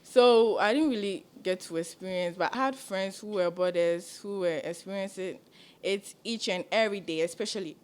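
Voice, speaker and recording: A woman's voice: medium pitch, normal speed, few pauses, smooth. A young woman co-hosting a podcast, chatting casually and filling her speech with "like" and "yeah". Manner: chatty, many fillers like "like" and "yeah". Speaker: podcast co-host. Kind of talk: casual chat.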